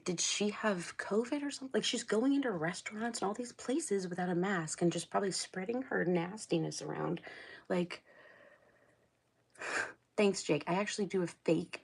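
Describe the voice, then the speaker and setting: This livestream host is a middle-aged Ohio woman whose lowish voice sounds gravelly and slightly rough. She chats casually, wanders from topic to topic, laughs a lot and talks back to her chat.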